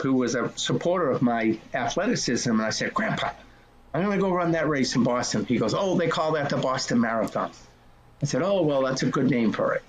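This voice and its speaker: Man, 60s, race director; folksy storyteller, mid pitch, light background hiss. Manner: folksy, earnest storyteller acting out old dialogues. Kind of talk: storytelling interview.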